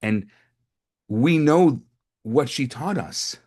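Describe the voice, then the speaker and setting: Rabbi telling stories in conversational sermon. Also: male voice, mid-range voice, lively intonation, drawn-out words, mellow. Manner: conversational, with frequent restarts and repetitions. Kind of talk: storytelling sermon to a live group.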